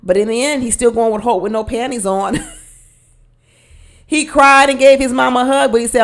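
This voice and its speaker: A woman's voice: fairly high pitch, fairly even intonation, normal speed, long pauses. A woman chatting through a casual recap of a reality show, gossipy and talkative, speaking straight to her listeners. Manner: chatty and gossipy, addresses listeners as y'all, laughs often.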